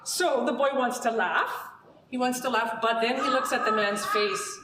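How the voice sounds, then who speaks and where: A woman telling a folk tale aloud to children and families in a lively, chatty way, with asides to the listeners. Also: on the high side, normal speed, noisy background. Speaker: storyteller. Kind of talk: oral storytelling for children and families. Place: community centre room before a live audience. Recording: roomy hall recording from a distance.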